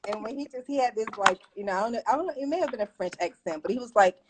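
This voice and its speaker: A woman interview guest recounting her story in a relaxed, conversational way. She laughs easily and her voice jumps up when she acts out what she was thinking. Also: a little high, very fast, slightly rough, low-quality recording. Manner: animated, laughs often, lively quoted asides. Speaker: guest, entrepreneur.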